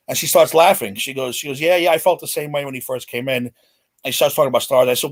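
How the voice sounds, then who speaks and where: Man in his 40s, guest on a chat podcast, fast and lively storyteller, slightly high voice. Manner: excited, animated anecdote-telling. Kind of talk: casual storytelling.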